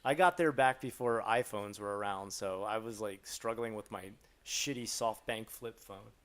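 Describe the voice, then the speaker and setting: A man's voice: lowish voice, moderate pace. A man from Florida in his thirties or forties, hosting a casual live Q&A, rambling and swearing freely as he tells stories. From Florida, USA. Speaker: live stream host answering questions.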